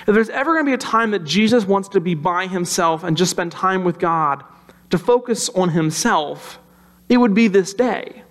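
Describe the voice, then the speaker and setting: A man with a high voice preaches a sermon. He talks conversationally and tells the story with animation. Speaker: pastor.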